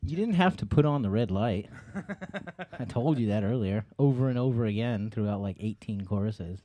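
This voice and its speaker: A man's voice: lowish voice, expressive, normal speed, warm tone, no room sound. A man co-hosting a live show with easygoing chat, thanking the performers and guests. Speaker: co-host.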